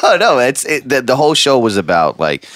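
A man's voice: medium pitch, wildly swooping pitch, fairly quick, a bit bright, no echo. A man co-hosting a casual podcast chat, joking and rambling. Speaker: podcast host.

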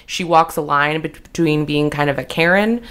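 Rich: A woman with a low voice leads a podcast discussion as co-host. She lays out her views in an articulate, analytical way, now and then breaking off a word and starting again. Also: moderate pace, a bit bright, smooth. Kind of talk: casual discussion.

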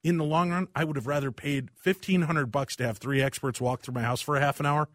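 Animated storytelling male host, dry sound. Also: on the high side, fast talker, dry recording. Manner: animated, self-deprecating storyteller. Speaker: radio show host. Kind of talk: casual chat.

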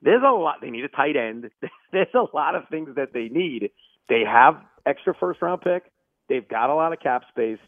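A man's voice: fairly high pitch, moderate pace, no echo. A man who is a sports radio host, giving emphatic, opinionated takes as an interview guest. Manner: emphatic, opinionated, animated bursts. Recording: tinny phone line.

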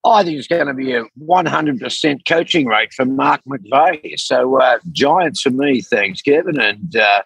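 A man co-hosting a casual sports chat, with deadpan, offbeat interjections. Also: medium pitch, unhurried, gravelly, hardly any pauses, husky, dry recording, low-quality recording. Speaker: co-host.

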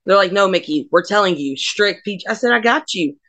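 A woman's voice: mid-range voice, fairly quick, fairly bright tone, dry recording. A middle-aged woman, a wrestler, telling blunt, brash stories in a casual interview and laughing through them. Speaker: wrestler, guest.

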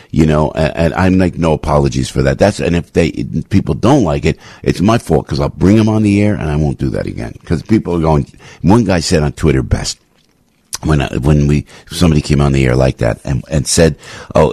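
Man, talk radio host, low-pitched, impassioned, rambling, breaks off and restarts, voice leaps up suddenly, husky. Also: warm tone, no room sound. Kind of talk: opinionated talk radio monologue.

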